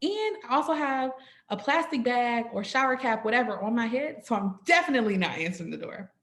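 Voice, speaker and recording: A young woman telling a personal story to an audience at a sorority orientation, expressive, often stopping to ask "right?" and calling the listeners "y'all.". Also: on the high side, a little fast. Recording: echoey room.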